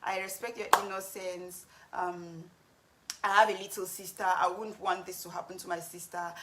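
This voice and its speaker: Speaking to camera, a woman vlogger shares a personal story in an earnest, frank way with some restarts. She has a lowish, level voice at a moderate pace, and its tone is fairly bright.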